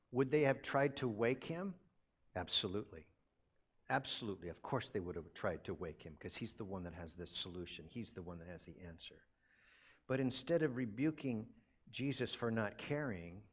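A middle-aged man preaching a sermon as pastor, emphatic and repeating key phrases, on a dull lo-fi recording. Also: fairly low pitch.

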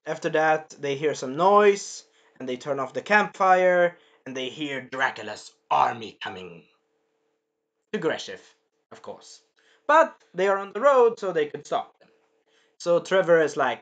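A man casually recapping an episode, animated and swearing, acting out lines and sound effects as he goes. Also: a little high, a little slow. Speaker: show reviewer.

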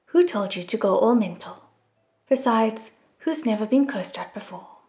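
A woman reading an audiobook, voicing a gruff, impatient man who scolds and nags in repeated words. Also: fairly high pitch, expressive, normal speed, darkish tone. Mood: grumbling. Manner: brusque, nagging, repeats words.

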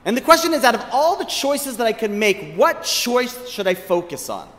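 A man giving a reflective sermon as a rabbi, measured and thoughtful, posing questions. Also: very high-pitched, big pitch swings, a bit bright, long reverb tail. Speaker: rabbi giving a short lecture.

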